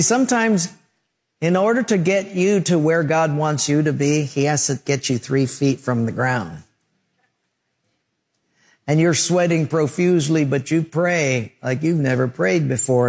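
A male pastor preaching a sermon, telling vivid stories with lively emphasis. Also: fairly high pitch. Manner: animated storytelling preacher.

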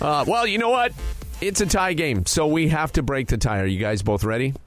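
A man's voice: on the high side, animated, a little fast, no room sound, soft background music. A man hosting a radio quiz game, bantering playfully and laughing often. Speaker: radio show host running a quiz game.

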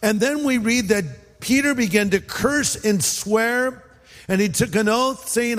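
A man's voice: sits high, measured pace, fairly bright tone, long reverb tail. A man from California preaching a sermon in a conversational way, acting out quotes and adding asides. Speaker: pastor.

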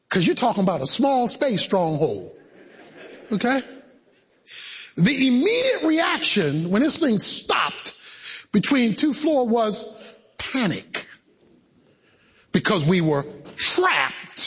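Male preacher, high voice, lively swings, dramatic storytelling, shouting bursts. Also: unhurried, breathy edge. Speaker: pastor. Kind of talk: sermon.

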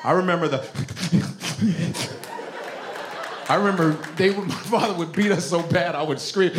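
A man's voice: sits high, takes it slowly, noisy background. A male stand-up comedian doing crowd work, brash and profane, laughing and slipping into voices of parents. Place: comedy club stage with audience.

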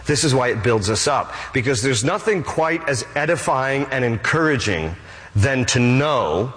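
A man's voice: medium pitch, lively intonation, a little slow, a bit bright, in a large hall. A male pastor preaching a sermon who stresses and repeats his key phrases.

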